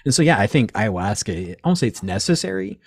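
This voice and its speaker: Man in his forties, low voice, dry sound, rambling swearing storyteller in an interview. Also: quick pace, breathy edge, no room sound. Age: 40s. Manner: rambling, animated, swears often, acts out quoted voices. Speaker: crystal and reiki shop owner, guest. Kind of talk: casual interview chat.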